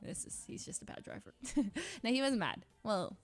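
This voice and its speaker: Slightly high and expressive, this young woman's voice moves at a moderate pace in a dry recording. Streaming, she tells a story casually, rambling with many restarts, heavy use of "like," and frequent laughs.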